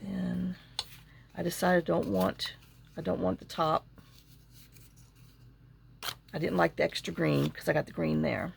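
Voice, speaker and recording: Middle-aged woman, rambling craft vlogger who mutters to herself, voice full of vocal fry. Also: low-pitched, animated, measured pace, pauses often, a little hiss or hum. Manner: chatty, rambling storyteller, talks to herself while working. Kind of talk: casual chat while crafting.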